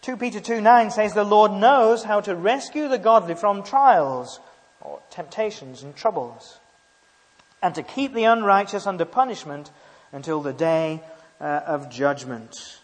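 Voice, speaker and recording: A man preaching a sermon, emphatic and halting, often asking rhetorical tag questions. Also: high-pitched, animated, big-room sound.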